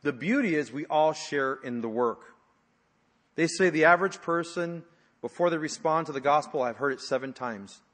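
A pastor preaching a sermon in a church, telling stories in a conversational way with fillers and sometimes dropping to a hushed voice. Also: male voice, fairly high pitch, moderate pace. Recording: long reverb of a large hall.

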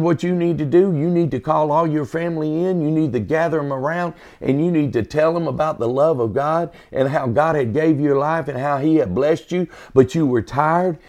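Gravelly man telling a faith story. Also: mid-range voice, darkish tone. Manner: earnest storytelling, quotes himself and others, preacherly emphasis. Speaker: podcast host, former EMT. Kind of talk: personal faith testimony.

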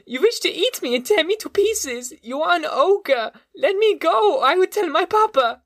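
A terrified little boy shrieks in a shrill, strained voice, pitched far above a grown voice. His cries are defiant, loud and desperate, like a storybook child fighting to break free. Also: animated, moderate pace, no echo, clean studio sound, full character voice. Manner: shrill, screaming insults.

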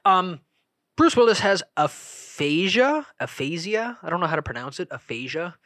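A man's voice: sits high, sing-song, normal speed, bright, forceful tone, dry recording, studio quality. A man hosting a podcast, telling a rambling, profane story in a casual monologue. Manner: rambling, profane, self-interrupting. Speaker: podcast host.

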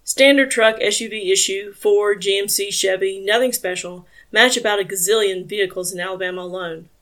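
A woman's voice: mid-range voice, steady tone, fairly quick, fairly bright tone, natural voice. A woman voices a tense man in an audiobook who gives short, guarded answers. His replies stay clipped and defensive. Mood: curt. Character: adult man, tense defensive cop friend.

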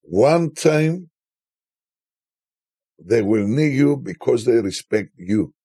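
Animated husky man telling stories. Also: medium pitch, slow pace, no echo, clean studio sound. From Cyprus. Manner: animated, tells stories by acting out quoted voices. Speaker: DJ guest. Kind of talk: casual storytelling interview.

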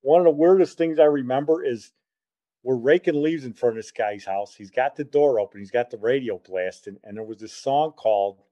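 A man's voice: medium pitch, fairly quick, mellow, dull audio. An older man telling a rambling, folksy personal story, acting out the dialogue as he goes.

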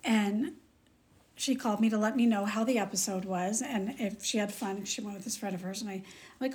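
Animated woman telling a story. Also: a little fast. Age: adult with children. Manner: animated, acts out quoted dialogue in a higher voice. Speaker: podcast co-host. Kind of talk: casual storytelling chat.

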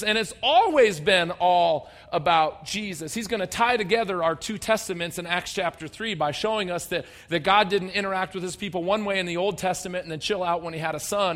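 A man preaching a sermon as pastor, conversational and humorous, swinging between loud emphatic bursts and quiet low asides. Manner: conversational and humorous, acting out people's voices.

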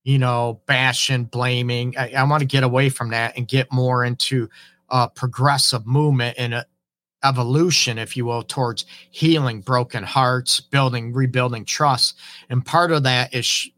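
A middle-aged man, a relationship counselor, hosting an advice talk while hoarse from a cold, earnestly checking in with his listeners. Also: mid-range voice, steady tone, normal speed, a bit bright. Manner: earnest, keeps asking "right?" and "okay?". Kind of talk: live-streamed advice talk.

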